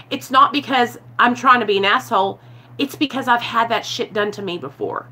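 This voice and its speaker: A woman's voice: fairly high pitch, brisk, sharp tone, breathy edge. A woman vlogger talking earnestly and confessionally to her viewers about recovery, often calling them "you guys" and answering chat comments as they come in. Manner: answers live chat comments mid-talk. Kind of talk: casual live-stream talk to viewers.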